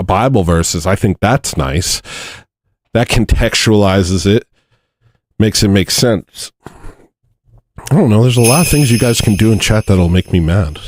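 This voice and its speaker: Low-voiced man hosting a rambling livestream. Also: lively intonation, measured pace, long pauses, darkish tone, no echo, clean studio sound. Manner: rambling, self-deprecating, reads chat messages and verses aloud. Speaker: livestream host. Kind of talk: casual livestream chat.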